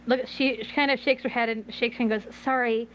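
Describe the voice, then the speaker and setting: A woman narrating as game master of a tabletop game, lively and quick to laugh, on a muffled recording. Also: fairly high pitch. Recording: muffled lo-fi audio with faint hiss.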